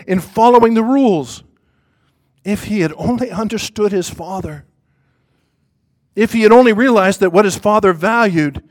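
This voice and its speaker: High-voiced preacher, emphatic sermon. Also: male voice. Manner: emphatic, repetitive, swings from loud to hushed. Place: church before a congregation.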